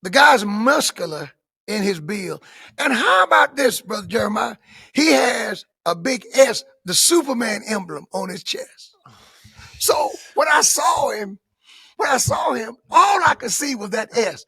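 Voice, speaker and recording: High, bright-voiced older preaching man. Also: unhurried, creaky, husky, dry recording, clean studio sound. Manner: animated, swings from soft tones to shouted emphasis. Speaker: bishop and pastor. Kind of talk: emphatic interview answers in a preaching manner.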